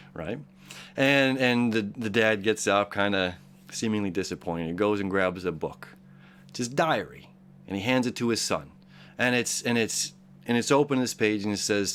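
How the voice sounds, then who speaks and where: A man with a somewhat low voice talks through a casual daily horoscope monologue. He rambles, stumbles and restarts his sentences, and repeats words as he gathers his thoughts. His tone stays earnest and encouraging throughout. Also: moderate pace, a bit bright, a little hiss or hum. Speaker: astrology show host.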